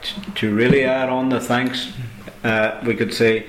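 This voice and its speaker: A man teaching phrases in a casual lesson, patient and repeating each phrase slowly. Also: mid-range voice, flat delivery, echoey room, a little hiss or hum, poor audio. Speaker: Irish language teacher. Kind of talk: conversational language lesson.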